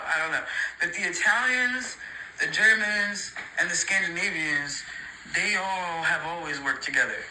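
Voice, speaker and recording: A man's voice: high voice, sharp tone, a little hiss or hum, rough recording. A man in an opinionated, heated rant to the camera, emphatic and profane, repeating his points and mocking others. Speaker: social media creator.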